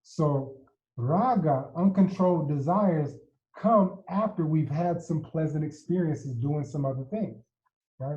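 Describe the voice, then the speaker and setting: A man teaching yoga philosophy in a casual video tutorial, relaxed and chatty, often checking in with his listeners and chanting slowly and evenly. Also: on the high side, lo-fi sound.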